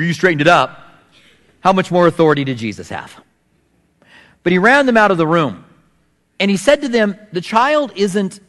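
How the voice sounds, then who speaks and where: A middle-aged man preaching a sermon, telling stories and acting out voices with big swings in pitch. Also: fairly bright tone. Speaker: pastor. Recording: long hall reverb.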